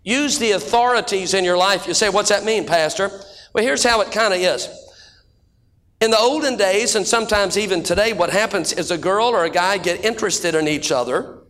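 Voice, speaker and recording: A middle-aged male pastor preaching a sermon full of folksy jokes and stories, speeding up and then slowing down for emphasis. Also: sits high, fairly bright tone. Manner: folksy joking preacher, shifting between quick and slow drawn-out delivery.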